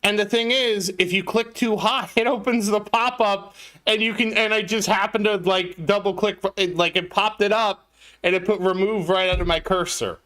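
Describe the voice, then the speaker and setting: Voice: medium pitch, fairly even intonation, moderate pace, fairly bright tone. A game streamer talking casually to live viewers, flustered, apologetic and laughing at their own mistake.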